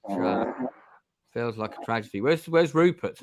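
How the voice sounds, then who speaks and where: Here the gamebook streamer, a middle-aged man, sounds expressive and somewhat dark in tone, with a mid-range voice at normal pace. His casual chat wanders, broken up by frequent ums and restarts.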